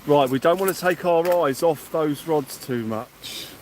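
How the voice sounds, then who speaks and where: A man's voice: fairly high pitch, unhurried, a little mellow, a little hiss or hum. A man hosting a night fishing livestream outdoors by the sea, effusive and thanking viewers by name. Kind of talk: excited livestream chat.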